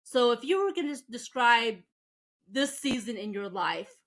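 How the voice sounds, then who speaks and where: A woman's voice: on the high side, very animated, moderate pace, a bit bright, low-quality recording. A woman hosting a casual interview, tired and yawning, chatty and rambling with fillers. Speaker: host.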